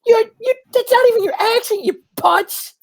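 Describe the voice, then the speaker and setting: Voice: very high-pitched, moderate pace, vocal fry, voice pushed up. A man voicing an angry male halfling harpist who has just been kicked out of his own band. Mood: outraged.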